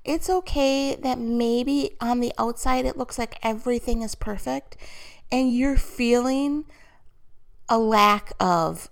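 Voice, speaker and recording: Chatty woman with a higher voice. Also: fairly even intonation, takes it slowly, creaky. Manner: chatty and candid, with light self-mockery. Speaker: mother sharing a personal story. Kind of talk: casual faith-based vlog talk.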